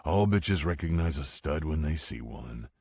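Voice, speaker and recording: A man's voice: extremely low pitch, expressive, normal speed, gravelly, darkish tone, husky, no room sound, clean studio sound, heavily acted. A man voicing a blunt, fierce tough man who speaks with threatening bluntness in an audiobook. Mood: angry threatening.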